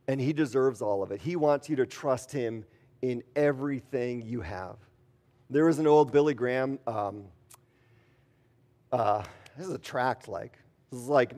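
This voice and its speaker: A man's voice: medium pitch, animated, moderate pace, darkish tone. A man preaching an earnest sermon as pastor, telling stories and acting out quotes. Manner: earnest, storytelling with acted quotes.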